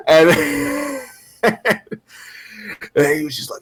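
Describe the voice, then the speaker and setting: This man speaks a little high and a bit bright, very animated but unhurried, leaving long pauses. As co-host of a casual podcast, he tells stories loaded with fillers and laughs a lot along the way.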